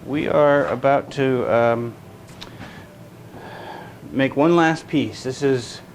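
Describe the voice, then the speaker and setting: Guy in his wood shop doing a made-up accent for fun, kinda rambly, normal pitch, little bit of noise in the back. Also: slow pace, poor audio. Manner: talks in a made-up silly accent; rambling, with frequent restarts and repeats. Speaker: guitar builder hosting a workshop channel. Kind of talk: casual workshop vlog. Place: woodworking shop.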